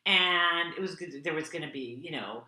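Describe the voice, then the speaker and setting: A woman guest comedian telling a story in casual chat, animated and often laughing. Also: low voice, moderate pace, reverberant.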